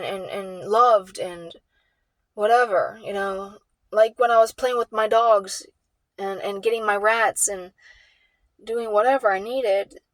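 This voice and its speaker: A woman vlogging an emotional personal story in a rambling, halting way, full of restarts and repeats. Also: fairly high pitch, no room sound.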